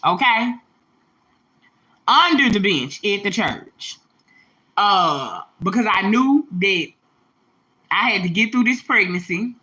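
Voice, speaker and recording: Lively, bright-voiced woman storyteller. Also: mid-range voice, low-quality recording. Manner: animated, laughing, swearing, addresses viewers as y'all and baby. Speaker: livestream host. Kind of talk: casual storytelling to viewers. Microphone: phone or webcam livestream.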